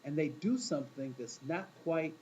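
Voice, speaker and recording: Male teacher, mellow voice, chatty storyteller who quizzes the class, dull lo-fi classroom recording. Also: on the high side, moderate pace, a little hiss or hum. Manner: storytelling, asks the class questions, acts out quoted voices. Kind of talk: classroom talk to students.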